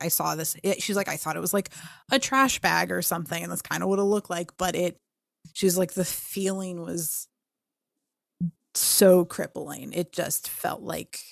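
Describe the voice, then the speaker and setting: A young woman and podcast co-host telling a story in casual chat, animated and full of fillers, acting out her own reactions. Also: on the low side, vocal fry, no echo, studio quality.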